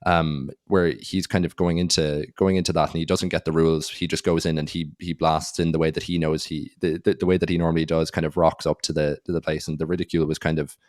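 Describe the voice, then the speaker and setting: A man's voice: very deep voice, level tone, fast, few pauses, dry recording, clean studio sound. A young Irish man with an Irish accent, hosting a podcast and talking casually with lots of fillers and restarts. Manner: hesitant, filler-heavy. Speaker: podcast host. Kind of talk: casual interview chat.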